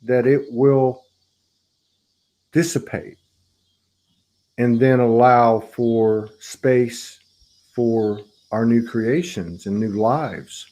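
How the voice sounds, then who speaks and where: Male host talking real slow, mid pitch, blunt and emphatic about spiritual stuff. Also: dark tone, low-quality recording. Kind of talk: conversational spiritual talk.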